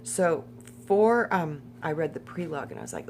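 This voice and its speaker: Low-voiced woman reading scripture. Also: creaky, a little mellow, a little hiss or hum. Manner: casual, repeats "literally" and "like", reads haltingly. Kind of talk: scripture reading with personal storytelling.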